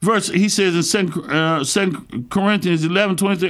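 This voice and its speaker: A middle-aged man with a gravelly voice preaching a sermon, fervent and emphatic, calling out to his listeners. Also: high voice, brisk, few pauses, a bit bright. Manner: fervent, emphatic preaching with call-outs to the congregation. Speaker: pastor.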